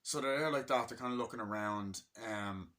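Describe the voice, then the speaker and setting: A man's voice: medium pitch, fairly quick, fairly bright tone. Rambling, foul-mouthed young man. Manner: rambling and profane, full of fillers. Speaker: movie reviewer. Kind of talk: casual spoken movie review.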